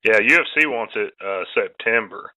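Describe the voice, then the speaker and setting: Bright, dry-voiced laid-back man. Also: on the low side, moderate pace, no room sound, rough recording. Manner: laid-back, laughs easily, swears freely. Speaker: podcast host. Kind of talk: casual chat.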